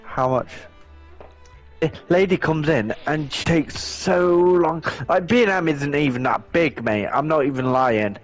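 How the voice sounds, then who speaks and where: Young man, casual gaming chat, lots of swearing, a bit high-pitched. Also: a little slow, faint music behind, poor audio. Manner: sweary, blunt and ranting. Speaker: gaming vlogger. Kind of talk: casual chat while playing a video game.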